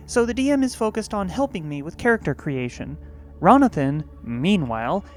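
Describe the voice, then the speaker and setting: A woman's voice: mid-range voice, darkish tone. A woman narrating a tabletop gaming story with wry, sarcastic asides.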